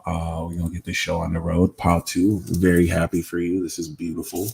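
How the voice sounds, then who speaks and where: Deep-voiced man giving a casual tarot reading. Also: completely flat delivery, fairly quick, gravelly, a little mellow, slight background noise. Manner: casual, chats with viewers between readings. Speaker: tarot reader and host. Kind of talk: live-streamed tarot reading.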